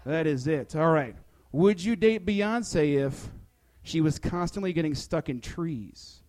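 High-voiced young comedian, playful. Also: male voice, animated, measured pace, darkish tone. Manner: playful, hesitant with many fillers. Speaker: stand-up comedian. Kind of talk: comedy bit then casual interview chat.

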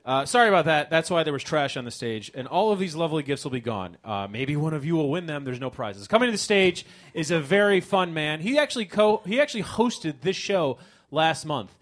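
A slightly higher-voiced man emceeing a stand-up night from a theater stage. He talks in a loose, chatty way, fumbling a little and joking at his own expense as he brings on the next comic. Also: lively intonation, fairly quick, hardly any pauses. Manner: chatty and self-mocking, with stumbles. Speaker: comedy show host.

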